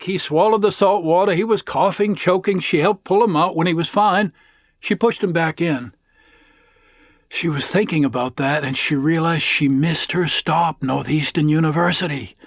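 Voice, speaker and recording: Animated male storyteller, dry close sound. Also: on the high side, moderate pace, dry recording. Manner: animated, shifting voices for characters. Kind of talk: oral storytelling performance.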